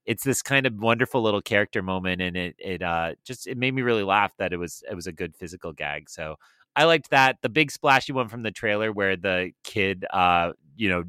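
A man with a low, smooth voice rambles happily about a favorite movie moment. He sounds close and dry, with no room around him. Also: lively intonation, brisk, bright, forceful tone, no echo. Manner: rambling, enthusiastic, jumps up in pitch. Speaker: podcast co-host. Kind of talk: casual film review chat.

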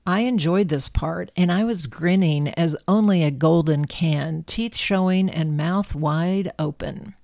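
Woman, storybook narrator, low pitch, calm, gentle, dry sound. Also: a little slow, vocal fry, few pauses, no echo.

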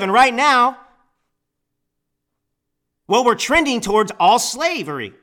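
Fiery high-voiced man ranting. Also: big pitch swings, slow pace, sharp tone. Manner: fiery, indignant, repetitive restarts. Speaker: podcast host. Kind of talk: political commentary monologue.

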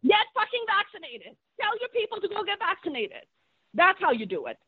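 A woman's voice: very high-pitched, big pitch swings, fairly quick, dry recording. A woman comedian who is an immigrant, arguing angrily with a host and swearing as she talks over him. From born in a third-world country, immigrant to the US. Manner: angry, profane, shouting over the host. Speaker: guest comedian. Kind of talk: heated argument. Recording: dry tinny phone line.

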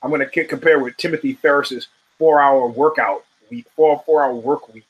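Speaking at a normal speed in a voice on the high side with fairly even intonation, this fifty-something American podcast host rants about fight results. He's emphatic and profane and keeps digressing. The sound is slightly rough, with the highs cut off.

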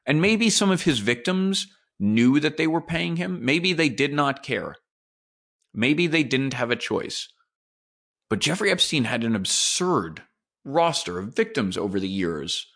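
A man's voice: mid-range voice, very animated, measured pace, a bit bright. Man musing in a casual monologue. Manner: conversational, speculative storytelling. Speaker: podcast host.

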